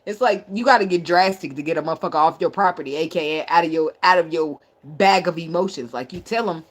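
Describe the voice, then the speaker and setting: A woman's voice: fairly low pitch, fast talker, few pauses. A woman giving a casual tarot reading, blunt and profane, who laughs a lot and riffs in playful asides. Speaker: tarot reader.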